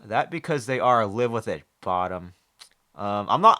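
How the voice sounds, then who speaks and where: A man's voice: lowish voice, normal speed, sharp tone, smooth. A man live-streaming, chatting casually with viewers, joking, swearing and often restarting his sentences. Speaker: livestreamer reading chat.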